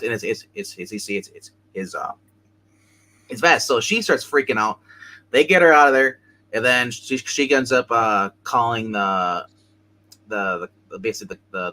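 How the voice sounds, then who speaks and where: Male co-host, bright and forceful voice, rambling episode recap full of restarts. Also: fairly low pitch, low-quality recording. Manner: rambling, halting, many restarts. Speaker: show co-host.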